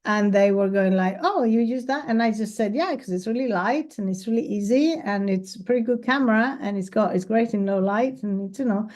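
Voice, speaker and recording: A woman's voice: medium pitch, brisk, few pauses, darkish tone. A professional photographer, a woman, giving a casual, enthusiastic talk and answering questions at an event. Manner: chatty, enthusiastic, laughs easily. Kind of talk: casual presentation and Q&A. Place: event space.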